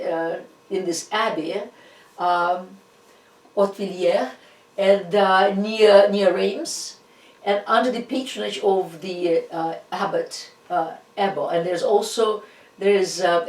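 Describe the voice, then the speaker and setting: Woman, Russian accent, art history lecturer, halting with fillers, roomy echo, distant mic. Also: medium pitch. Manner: halting, many fillers and restarts, animated asides. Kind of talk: informal recorded lecture.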